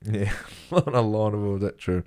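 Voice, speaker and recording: A man's voice: fairly low pitch, normal speed, a little mellow. A man co-hosting a podcast, chatting casually in a jokey, teasing, sweary way. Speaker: podcast co-host. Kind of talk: casual chat.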